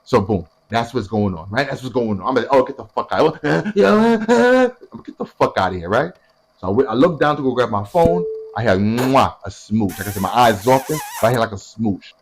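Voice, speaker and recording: A man's voice: medium pitch, a little fast. Young guy telling a wild story, swearing a lot, doing everyone's voices. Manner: animated, profane, acts out other people's lines. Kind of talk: casual storytelling.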